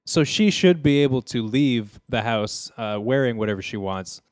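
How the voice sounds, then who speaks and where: A man hosting a comedy podcast, retelling episodes in a dry, deadpan way. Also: medium pitch, moderate pace, no echo. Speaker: podcast host. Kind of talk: casual comedic recap.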